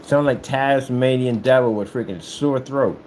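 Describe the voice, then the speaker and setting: A man rambling casually to the camera as he works, animated and joking, often jumping into a high falsetto. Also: unhurried, a little hiss or hum, rough recording. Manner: animated, jumps into high falsetto sing-song and joking voices. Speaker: vlogger. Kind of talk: casual rambling monologue while working.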